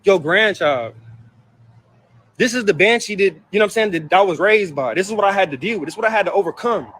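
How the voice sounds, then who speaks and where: A man's voice: high voice, animated, fast talker, a bit bright, breathy edge. A man vlogging, hurt and upset, venting about family in heated, profane outbursts that keep circling back. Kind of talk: emotional personal venting to camera.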